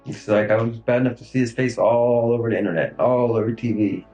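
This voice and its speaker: A man in his thirties speaking in a recorded police interview, halting and grief-stricken, with many fillers and trailing pauses. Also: mid-range voice, fairly even intonation, dark tone, soft background music, low-quality recording. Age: 30s.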